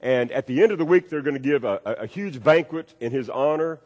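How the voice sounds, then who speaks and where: Folksy preacher, lively voice. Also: male voice, mid-range voice, brisk, dull audio. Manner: folksy, storytelling, repeats key phrases. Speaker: pastor. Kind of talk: sermon. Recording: long reverb of a large hall.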